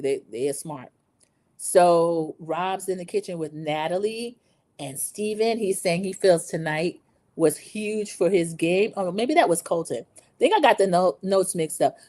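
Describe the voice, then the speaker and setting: A woman's voice: on the low side, mellow, dry recording. A middle-aged woman hosting a casual opinion recap, chatty and opinionated, talking straight to her viewers. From lived in the American South over twenty years. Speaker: recap host.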